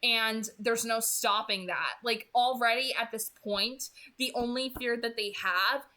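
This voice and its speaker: A woman's voice: a little high, steady tone, unhurried, bright, forceful tone. A woman in her twenties, host of a read-aloud channel, chatting casually about a chapter she just read, gushing and full of fillers like "like" and "you know.". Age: 20s. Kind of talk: casual chapter recap and commentary.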